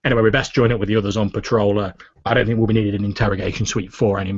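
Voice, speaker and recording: GM voicing casual, curt male guards; husky, deep-ish, dry. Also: level tone, rapid-fire, dry recording, dull audio. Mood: offhand. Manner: casual, offhand. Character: two bored male soldier guards, matter-of-fact.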